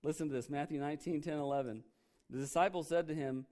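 A man's voice: medium pitch, brisk, mellow. A man preaching a sermon as pastor, talking conversationally and acting out quoted voices.

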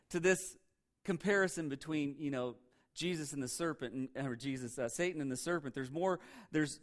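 A male pastor preaching a sermon, reading scripture and telling funny stories in an animated, repetitive way. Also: high-pitched. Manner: animated, jokey, tells stories, repeats for emphasis.

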